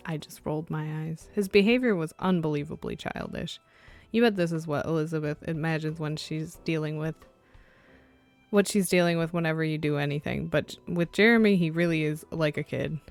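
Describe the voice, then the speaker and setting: A woman reading a visual novel aloud, switching between narration and animated, sarcastic asides of her own. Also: low voice, normal speed, faint music behind. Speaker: let's play streamer.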